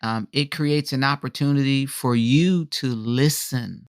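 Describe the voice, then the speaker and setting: A man co-hosting a podcast in casual talk, animated and filler-heavy, tagging his points with "right?". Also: mid-range voice, unhurried, clear, resonant tone, no room sound, studio quality. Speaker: podcast co-host.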